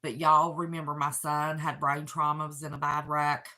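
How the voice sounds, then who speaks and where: A woman's voice: deep voice, completely flat delivery, normal speed, pushed and bright. A woman, chatting emotionally with viewers on her livestream. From West Virginia. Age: 60s. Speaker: channel host. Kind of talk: casual livestream chat. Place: apartment.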